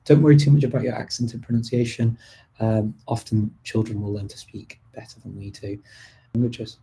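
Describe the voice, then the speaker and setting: Chatting through viewer questions on his stream, a man keeps stopping and restarting, dropping ums and small laughs along the way. His mid-range voice is level, a little fast, gravelly yet mellow, captured in a rough recording with slight background noise.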